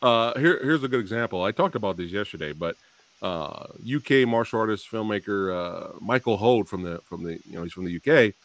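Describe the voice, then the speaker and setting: A man hosting a casual interview, chatty and animated, laughing and swearing as he tells stories. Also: on the low side, a little fast, dry recording. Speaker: host.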